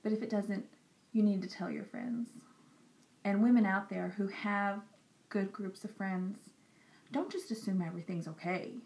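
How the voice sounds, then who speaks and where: A woman's voice: mid-range voice, moderate pace, darkish tone. Earnest woman with whispery asides. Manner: earnest, direct, repeating herself for emphasis. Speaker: Christian vlogger. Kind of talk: personal encouraging talk to camera.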